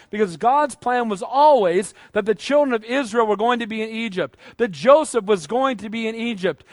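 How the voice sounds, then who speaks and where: A man preaching a sermon, acting out the voices of people from the Bible in a lively way. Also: extremely high pitch, no echo, clean studio sound. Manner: animated, acts out voices of Bible figures. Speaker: pastor.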